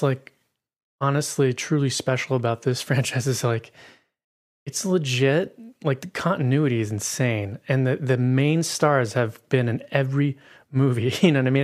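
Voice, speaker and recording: A man co-hosting a casual podcast chat, animated and filling his talk with "like". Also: medium pitch. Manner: animated, heavy use of "like".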